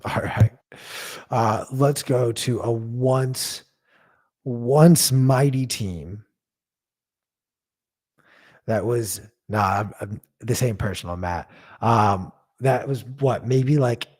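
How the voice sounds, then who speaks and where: A man's voice: lowish voice, slow, darkish tone. A man co-hosting a casual sports podcast, blunt and profane, ranting and laughing at his own jokes. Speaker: podcast co-host.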